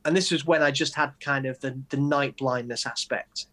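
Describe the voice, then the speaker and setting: A man in his forties with an English accent, a poet answering interview questions in a halting, earnest way with many restarts. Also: mid-range voice, a bit bright. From England. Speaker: guest, poet. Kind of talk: conversational interview.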